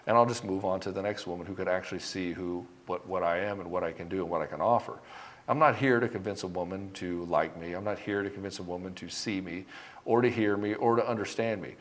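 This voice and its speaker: A man giving dating advice straight to the camera, blunt and emphatic, with frequent swearing. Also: fairly low pitch. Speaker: dating coach. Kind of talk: direct-to-camera advice monologue.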